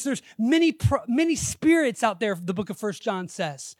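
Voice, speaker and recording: A man preaching a sermon as pastor, conversational and animated, acting out quotes. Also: high-pitched, moderate pace, no echo, clean studio sound.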